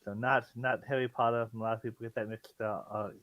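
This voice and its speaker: A man's voice: medium pitch, little pitch movement, fast, no echo, dull audio. A man acting as dungeon master on an online call, talking in a rambling, hesitant way with many fillers. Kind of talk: casual chat.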